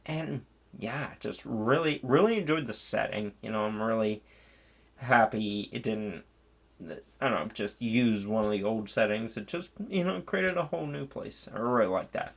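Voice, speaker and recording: A man's voice: on the low side, animated, unhurried, vocal fry. A man giving a casual spoken movie review, rambling and swearing, with many fillers and restarts.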